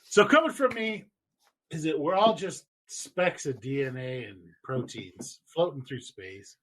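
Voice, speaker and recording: Lively upbeat podcast host. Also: male voice, on the high side, measured pace. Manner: upbeat, runs the round, calls on each guest. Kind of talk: casual podcast chat.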